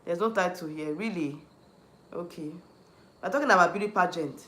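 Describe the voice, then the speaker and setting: A man with a Nigerian accent rants on a livestream, hammering the same points and breaking off to answer chat. His voice sits high and sounds bright and forceful. The room around him rings with a noticeable echo. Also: normal speed. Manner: heated, repetitive, restarts often, answers chat. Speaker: YouTube livestream host. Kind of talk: ranting livestream commentary.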